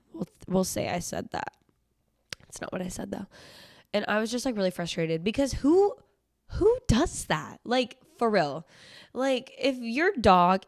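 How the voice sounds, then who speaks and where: Chatty woman host, lowish dry voice. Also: no echo. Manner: rambling, profane storytelling with many "like" fillers. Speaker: podcast host. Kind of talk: casual solo podcast chat.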